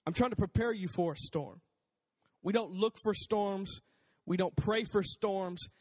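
A man preaching a casual sermon in a conversational, animated way, acting out voices as he talks. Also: sits high, unhurried, big-room sound.

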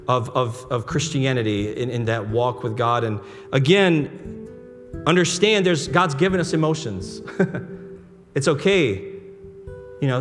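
A man with a slightly high voice delivers a sermon in a chatty, conversational style, restarting phrases and tossing out rhetorical questions. His words ring with long reverb, as if in a large sanctuary. Soft guitar plays underneath. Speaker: pastor. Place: church sanctuary. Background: soft guitar music.

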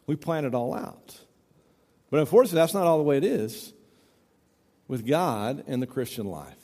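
A man's voice: mid-range voice, sing-song, moderate pace, a little mellow, in a large hall. A middle-aged man preaching a folksy, conversational sermon, often saying "you know," in a church. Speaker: pastor.

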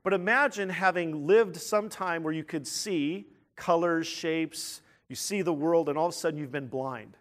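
Male preacher with a high voice, animated and emphatic, who rises to sudden loud outbursts and keeps asking his listeners questions. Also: moderate pace, hardly any pauses. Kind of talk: sermon.

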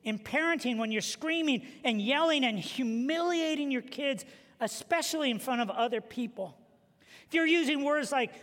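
Pastor guy preaching, super high and bright voice, funny storyteller, big echoey church hall. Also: moderate pace. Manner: animated storytelling with humor. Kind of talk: sermon. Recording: long reverb of a large hall.

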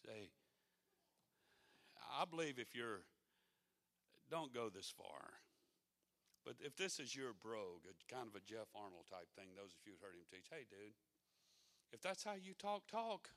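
A man's voice: lowish voice, sing-song, measured pace, long pauses, a bit bright. A man preaching a sermon in a folksy, conversational way that rises to fervent exhortation.

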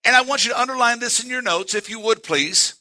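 A male pastor, preaching a sermon in church and quoting scripture with slow, emphatic stresses. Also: very high voice, sharp tone.

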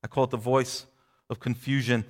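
A middle-aged man preaching a sermon, reading scripture aloud and voicing its speakers with lifted pitch. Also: flat delivery, moderate pace, breathy edge. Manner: expository preaching, acting out quoted voices with a rising pitch. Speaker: pastor. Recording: long reverb of a large hall.

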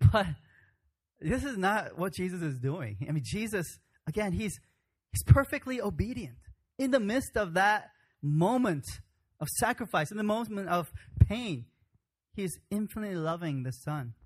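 A man preaching a sermon in an informal, conversational way with frequent restarts. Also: on the high side. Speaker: pastor.

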